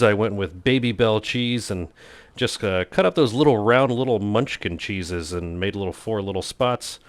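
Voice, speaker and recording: Hosting a casual cooking video, a man narrates in a playful, goofy way, cracking self-mocking jokes. His voice is lowish and the recording has no echo.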